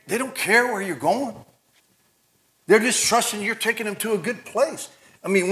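A middle-aged man preaching a sermon in a folksy, conversational way, swinging between loud emphatic lines and soft low asides. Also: slight background noise. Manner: folksy and conversational, laughs and tells family stories. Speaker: pastor.

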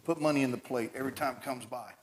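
A man preaching a sermon, animated and climbing toward near shouting at high points, with many repeated and restarted words. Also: very fast, slight background noise. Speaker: pastor.

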